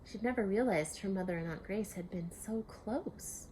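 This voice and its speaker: A woman reading a children's novel aloud, expressive, with soft hushed asides. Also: mid-range voice, normal speed, a little hiss or hum. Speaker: storyteller. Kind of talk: storybook reading.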